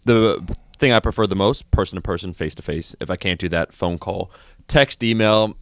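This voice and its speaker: A man who is a guest on a podcast, talking in casual chat in an animated way, swearing freely and acting out little quotes. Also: low-pitched, normal speed, dry recording, studio quality.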